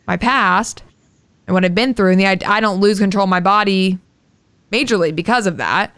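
A woman's voice: lowish voice, clean tone, no echo. A young woman co-hosting a podcast, telling a personal story in casual chat, candid and swearing freely. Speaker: podcast co-host.

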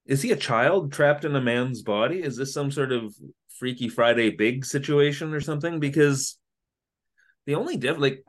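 A man co-hosting a casual podcast, retelling an episode in an animated, jokey way. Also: mid-range voice, moderate pace. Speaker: podcast co-host. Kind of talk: casual comedic recap chat.

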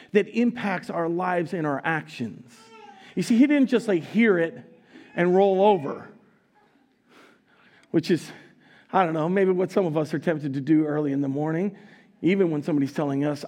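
A pastor's slightly high, darkish voice carries through a church sanctuary at normal speed, with frequent pauses. During this live, interactive sermon, he teases the congregation and laughs often as he talks.

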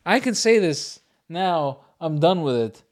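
A man in his thirties, co-hosting a crude, casual comedy chat and laughing his way through animated, profane stories. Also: on the high side, measured pace. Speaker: podcast co-host.

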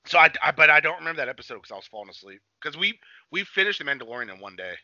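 A man chats loosely on a podcast, swearing freely as he tells stories. His voice is very bright and swings widely in pitch. The recording is dry and dull, like a lo-fi mic. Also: rapid-fire, no echo. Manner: loose, swearing, animated storytelling. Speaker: podcast co-host. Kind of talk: casual chat.

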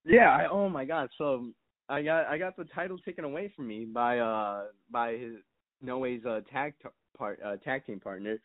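A young man with a medium-pitched voice talks at a normal speed as a guest on a casual podcast. He rambles through stories in a mock-serious way, packed with fillers and swearing. The recording is dry and tinny, like a phone.

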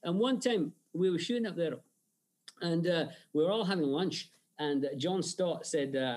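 A guest telling stories in a casual interview, animated and laughing often. His voice sits fairly high for a man and rattles along. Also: moderate pace. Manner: animated storyteller, laughs often, many fillers. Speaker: special-effects artist and director, guest.

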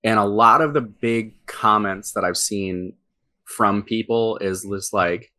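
Bright-voiced man, rambling with fillers. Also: lowish voice, slow pace. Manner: rambling, many fillers and restarts. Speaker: game writer. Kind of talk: casual interview chat.

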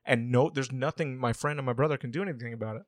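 A man's voice: mid-range voice, fast talker, no room sound. Profane storytelling man, dry sound. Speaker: podcast co-host. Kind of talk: casual chat.

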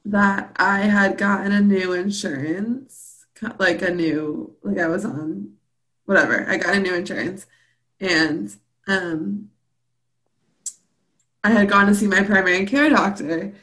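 A woman's voice: medium pitch, a little slow, long pauses, a bit bright. Young woman podcast co-host, giggly, casual, filler-heavy. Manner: laughs often, filler-heavy. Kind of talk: casual chat.

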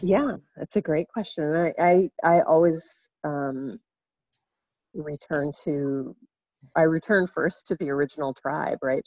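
A woman in casual conversation, speaking reflectively about childhood and family messages, pausing and restarting often. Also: deep voice, a little mellow, no room sound, highs cut off. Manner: reflective, halting, many restarts and fillers.

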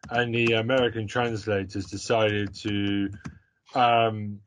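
A man's voice: fairly low pitch, level tone, slow, fairly bright tone, slight background noise. A man hosting a podcast in casual chat, joking around, rambling and reading out listener questions. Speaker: podcast host.

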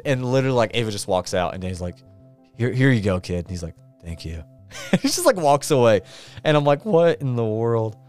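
A man's voice: medium pitch, smooth. A man hosting a podcast, recapping a movie in a casual, rambling, amused way with many fillers. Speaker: podcast host.

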